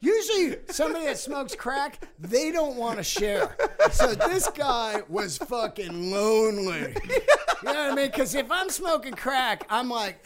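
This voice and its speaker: A man's voice: very high-pitched, big pitch swings, unhurried, crowd noise. A man, a stand-up comedian, trading stories in casual chat, swearing freely and laughing often.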